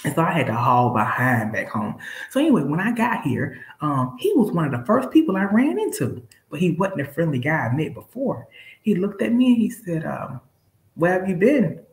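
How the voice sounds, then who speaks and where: A woman's voice: deep voice, big pitch swings, brisk, reverberant, poor audio. A woman from Alabama hosting a live stream, talking casually and preaching to viewers she calls y'all. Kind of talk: casual motivational talk.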